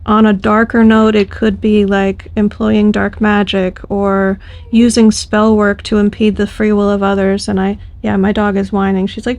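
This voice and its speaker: A woman's voice: mid-range voice, flat delivery, normal speed, darkish tone, no room sound. Dry-sounding woman reading tarot casually. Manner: thoughtful, loose delivery with frequent fillers and restarts. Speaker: tarot reader.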